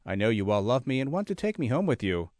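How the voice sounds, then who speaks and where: Lively man reading an article aloud. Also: mid-range voice, quick pace, no room sound. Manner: reads every bracket and caption aloud, lively. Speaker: reader of a magazine article. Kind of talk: read-aloud article narration.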